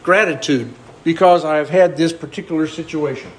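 Guy with a high voice preaching, chatty and earnest, lots of questions to the crowd. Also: brisk. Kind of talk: sermon.

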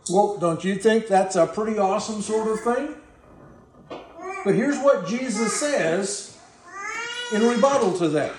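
A man's voice: sits high, animated, unhurried, long pauses, roomy sound, slight background noise, low-quality recording. A man preaching a sermon, reading scripture aloud and pressing its points on his listeners in an earnest, emphatic way. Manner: earnest, emphatic, addresses the congregation directly.

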